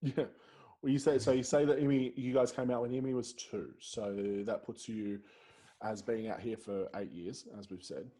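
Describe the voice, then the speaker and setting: Husky low-voiced guy hosting a podcast, mellow tone, asks questions that keep restarting. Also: steady tone, normal speed. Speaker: podcast host. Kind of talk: casual interview.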